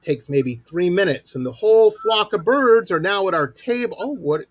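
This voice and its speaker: A middle-aged man hosting a show and telling stories in a lively, animated way. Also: high-pitched, normal speed, no room sound. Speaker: host. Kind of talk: casual storytelling.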